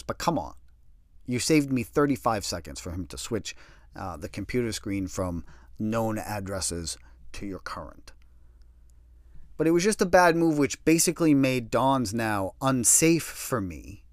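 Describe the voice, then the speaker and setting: Male storyteller, sardonic and lively, very expressive pitch, dry close recording. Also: no echo. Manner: animated, sardonic, acts out other people's lines. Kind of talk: personal storytelling.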